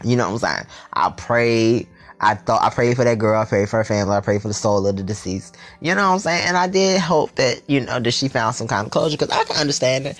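A man telling a storytime tale in a vlog, animated and full of profanity and slang. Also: mid-range voice, quick pace.

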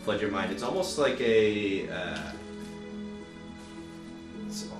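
A man's voice: fairly low pitch, lively intonation, slow. A man narrating as game master, rambling with lots of fillers. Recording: echoey room with music.

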